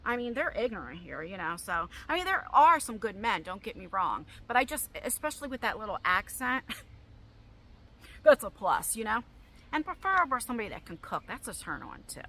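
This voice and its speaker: Her mid-range voice swings widely in pitch and has a bright, forceful tone at normal speed. This New Jersey vlogger chats from home, rambling casually through viewer questions and using plenty of fillers.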